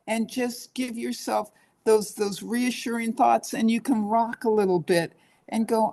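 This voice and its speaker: A woman's voice: a little high, fairly even intonation, a little slow, creaky, a little mellow. A woman therapist being interviewed, talking earnestly and coaching, often acting out her clients' inner voices. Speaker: guest therapist. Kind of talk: interview conversation.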